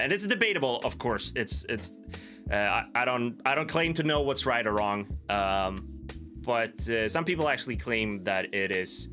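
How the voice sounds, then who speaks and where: A young man with a Swedish accent chats loosely on his livestream, drifting between answers and laughing at his own jokes. His voice is bright and forward. Faint music plays underneath. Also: on the low side. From Sweden. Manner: rambling, self-amused, chuckles at his own jokes. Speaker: livestream host. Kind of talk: casual livestream chat reading viewer comments.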